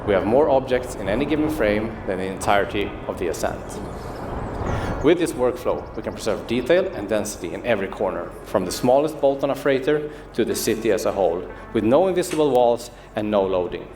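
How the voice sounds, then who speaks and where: Low-voiced game director presenting over music. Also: male voice, expressive. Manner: measured, polished delivery. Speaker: game studio creative director. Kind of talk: scripted presentation. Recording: roomy studio video with music underneath.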